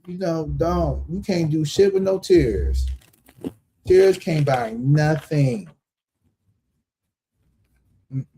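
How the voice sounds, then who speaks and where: Brief: male tarot streamer, very dark mellow tone, blunt and profane, casual delivery. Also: on the high side, expressive, very slow, pauses often, slight background noise, low-quality recording. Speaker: tarot reader and live stream host. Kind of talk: casual live-stream chat and reading.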